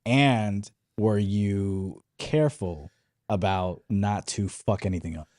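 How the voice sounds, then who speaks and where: A man hosting a casual interview, mostly giving short relaxed replies and asking questions. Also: lowish voice, slow pace, no echo, clean studio sound.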